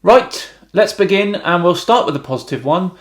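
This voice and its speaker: A British man hosting a YouTube channel, reading out viewer comments and answering them with wry, deadpan remarks. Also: high-pitched, normal speed. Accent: British English. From Britain.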